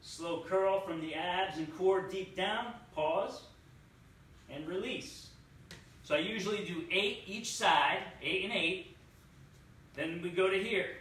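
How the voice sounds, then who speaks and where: A man, a fitness coach, demonstrating exercises and cueing each move with slow, deliberate instructions. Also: high-pitched, fairly bright tone, slight background noise. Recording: echoey room, distant mic.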